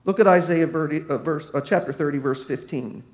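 A man's voice: on the high side, fairly quick. A man preaching a sermon as pastor, emphatic, his voice swelling and dropping to drive points home.

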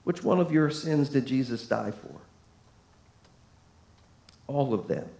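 A man preaching a sermon to a congregation, folksy and emphatic, swinging from loud to hushed. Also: mid-range voice, expressive, slow pace, creaky. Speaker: pastor. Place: church sanctuary. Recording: echoey room.

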